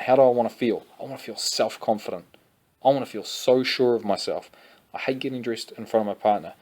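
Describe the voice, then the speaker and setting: A man's voice: medium pitch, moderate pace, darkish tone. A young adult man, presenting a fitness course energetically and repeatedly addressing viewers as guys. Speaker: fitness coach.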